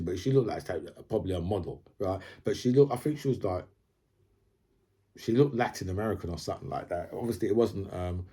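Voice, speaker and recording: A man's voice: fairly low pitch, mellow, breathy edge. A man giving a rambling casual opinion monologue to camera, tagging "right?" onto almost every phrase. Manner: rambling, says "right?" constantly. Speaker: video commentator.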